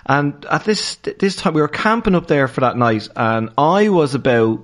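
A man with a Dublin Irish accent, a stand-up comedian and podcast guest, telling stories in an animated way and laughing as he goes. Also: a little high, normal speed. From Dublin, Ireland. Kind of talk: casual storytelling in a podcast interview.

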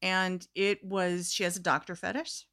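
A woman with a bright, forceful voice tells a story in relaxed conversation. She is animated and slips into the voices of the people she quotes, with frequent laughter. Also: lowish voice, moderate pace. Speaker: storyteller guest. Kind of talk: casual storytelling chat.

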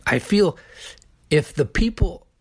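A man preaching a sermon deliberately, building emphasis through repeated phrases. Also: high-pitched, expressive, creaky, slightly rough. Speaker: pastor.

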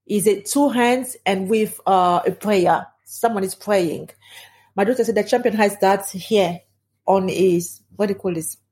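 A middle-aged woman recounts a loss in her own words, her grieving voice soft and mellow. She speaks haltingly, her English marked by non-native grammar and stops to find words. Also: medium pitch. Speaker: bereaved mother. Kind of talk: personal testimony.

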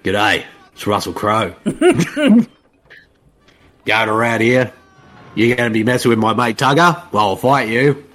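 A man doing a put-on Australian accent as a gruff, brawling movie star, laughing as he goes. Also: medium pitch, very animated, unhurried, long pauses, a bit bright, voice pushed down. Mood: blustery. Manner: blustery, laughing through it.

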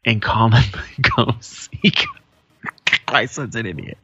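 A man's voice: medium pitch, takes it slowly, pushed and bright, husky, faint music behind. A man co-hosting a podcast, telling profane stories in casual chat and acting out the quotes. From Arizona. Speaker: podcast co-host.

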